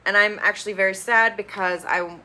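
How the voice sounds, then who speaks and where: A woman recapping a reality show in a casual, blunt and expressive way, swearing freely. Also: mid-range voice, a little fast. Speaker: TV reviewer.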